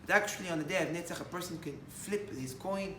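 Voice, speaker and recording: Animated preaching man in an echoey room. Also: sits high, fast, a little hiss or hum. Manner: animated, rising to loud emphatic bursts, many restarts. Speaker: rabbi. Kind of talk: sermon with storytelling.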